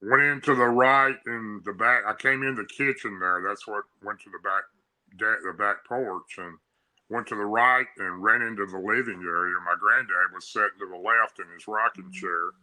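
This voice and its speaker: A man's voice: on the low side, normal speed, sharp tone, low-quality recording. A man on a talk show telling a story in a casual way, in long run-on sentences that repeat his actions. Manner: breathless run-on retelling, repeats himself. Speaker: guest.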